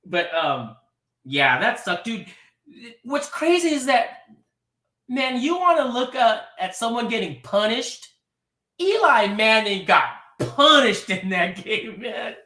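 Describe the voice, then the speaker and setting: A man calling in to a sports show, rambling and animated, often laughing as he talks. His voice is high and bright, and it rings in an echoey room. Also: slow pace. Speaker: caller. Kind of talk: casual sports talk.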